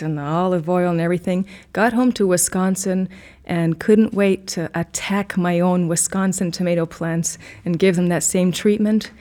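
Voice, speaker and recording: A woman's voice: lowish voice, darkish tone. A woman performer telling a wry, dryly humorous story to a live audience to introduce a song.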